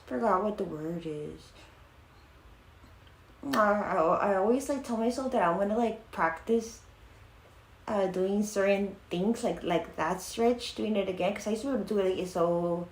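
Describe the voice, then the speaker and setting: A woman's voice: mid-range voice, normal speed. A young woman streaming live, chatting casually in a rambling way full of fillers and swearing. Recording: echoey room.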